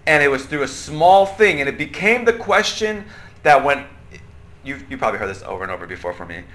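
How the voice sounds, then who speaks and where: Bright animated male youth pastor. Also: fairly high pitch. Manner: conversational, animated, asks questions. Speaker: youth pastor leading group discussion. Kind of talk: interactive church teaching.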